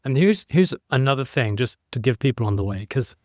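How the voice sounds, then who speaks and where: A man talking as a podcast guest in a relaxed, conversational way, acting out his points by shifting his voice up and down. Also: mid-range voice, a little fast, no room sound, studio quality. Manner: animated, demonstrates inflection by playing with his voice. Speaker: podcast guest, keynote speaker.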